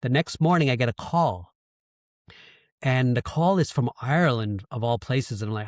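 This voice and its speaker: Casting: man in his thirties from Canada, candid podcast guest, mid pitch, dry close sound. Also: lively intonation, moderate pace, no room sound. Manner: candid, emotional storytelling with frequent swearing. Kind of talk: casual storytelling interview.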